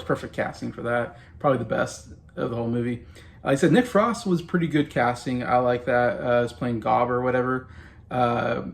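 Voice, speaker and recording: A man around forty giving a casual movie review, rambling and hedging with frequent restarts. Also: mid-range voice.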